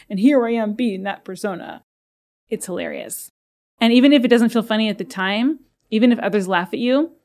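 A woman's voice: mid-range voice, darkish tone. A woman hosting a self-help podcast as a coach, talking in an upbeat, playful way. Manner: upbeat, playful, acts out inner voices. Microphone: podcast microphone.

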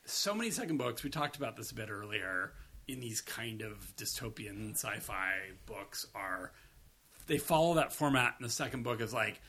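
Chatty man with a bright voice. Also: mid-range voice. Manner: chatty and rambling, casual swearing. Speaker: podcast co-host. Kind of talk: casual review chat.

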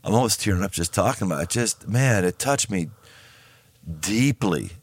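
A man in his fifties, himself a podcast host, appears as a guest in a casual podcast conversation. His lowish voice is animated and at normal speed in a dry recording, and he speaks emphatically, often repeating and restarting his words.

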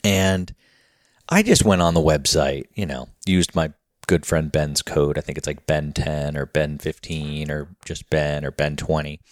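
A man's voice: a bass voice, steady tone, unhurried, no echo, studio quality. A man hosting a podcast, talking in a casual, rambling way full of filler words and sounding slightly out of breath. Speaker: podcast host.

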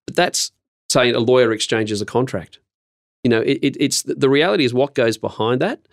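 A middle-aged man who answers interview questions in a measured, earnest way with frequent pauses and ums. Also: mid-range voice, no echo, studio quality. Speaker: podcast guest, industry program leader.

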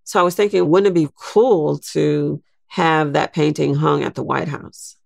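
An older woman, a guest in an interview, telling a personal story in a slow, reflective way. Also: low voice, fairly even intonation, creaky, no echo, clean studio sound.

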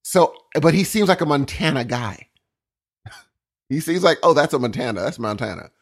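Speaking at normal speed in a fairly high-pitched voice, this podcast co-host tells stories during a casual chat. He's animated and breaks into silly voices along the way.

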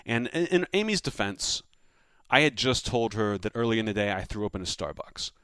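A man with a lowish voice tells a story at a quick clip. He is a comedian guest in a casual chat and acts out other people's lines as he goes. The sound is close and dry. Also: smooth, no room sound. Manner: animated anecdote teller, acts out quotes.

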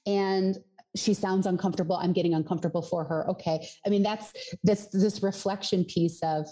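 Woman vocal coach, lowish pitch, warm mellow tone, explanatory podcast talk. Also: fairly even intonation, moderate pace. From Colorado. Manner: explanatory, demonstrates with her voice. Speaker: voice and singing coach. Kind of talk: podcast interview.

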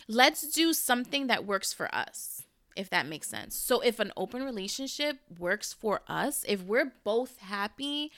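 Bright, clear-voiced woman podcast host. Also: mid-range voice, dry recording, clean studio sound. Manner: candid, conversational, uses "y'all" and "like". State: emotional, near tears. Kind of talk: casual solo podcast talk.

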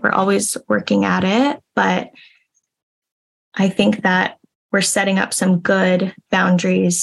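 A woman's voice: mid-range voice, vocal fry. A young adult woman speaking earnestly and reflectively as an interview guest, with frequent restarts. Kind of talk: casual interview conversation.

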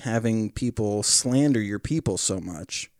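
A man's voice: lowish voice, measured pace, darkish tone, no echo, studio quality. A man hosting a podcast in casual chat, playful and jokey, jumping between topics. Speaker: podcast host.

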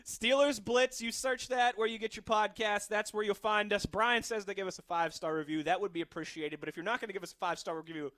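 A man's voice: high-pitched, quick pace, few pauses, fairly bright tone, no echo. A man hosting a sports talk radio show from a studio, upbeat, jokey and chatty. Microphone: studio microphone.

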